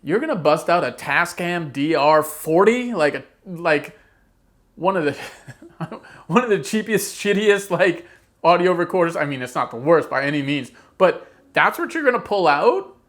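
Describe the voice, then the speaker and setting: A woman's voice: on the low side, lively intonation, normal speed. A woman hosting a horror channel, giving a casual opinion rant with exasperated, sarcastic asides.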